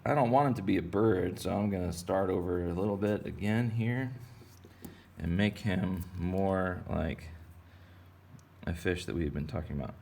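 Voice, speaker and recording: A man's voice: deep voice, normal speed, creaky, mellow. A man from Texas giving a casual drawing lesson for kids, rambling and playful as he goes. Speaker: art teacher.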